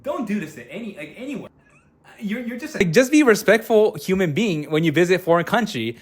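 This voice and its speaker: A man's voice: sits high, animated, brisk, slightly rough. A man in his twenties giving casual reaction commentary, blunt and exasperated, stumbling over restarts as he rants. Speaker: YouTube commentator.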